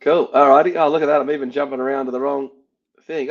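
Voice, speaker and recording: A man's voice: mid-range voice, steady tone, quick pace. An Australian man hosting a sports podcast, chatting casually and laughing at his own fumbles. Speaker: podcast host. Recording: dull lo-fi sound.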